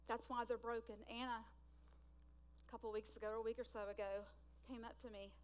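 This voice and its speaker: A woman preaching a sermon, swinging from loud emphatic bursts to hushed, slow, drawn-out lines. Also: on the high side, little pitch movement.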